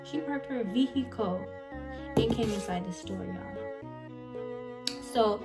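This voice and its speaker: A woman vlogger gives a casual storytime in an animated, chatty voice. She talks directly to her viewers, and plucked guitar music plays clearly behind her. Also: medium pitch, slow pace. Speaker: vlogger recounting fast-food job.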